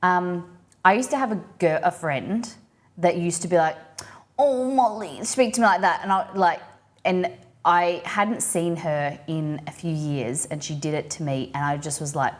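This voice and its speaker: A chatty Australian woman hosting a live stream, rambling from one thought to the next with plenty of fillers and restarts. Her voice sits a little low, and she often slips into playful put-on voices for quoted phrases. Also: normal speed. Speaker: livestream host. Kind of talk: casual chat reading viewer comments.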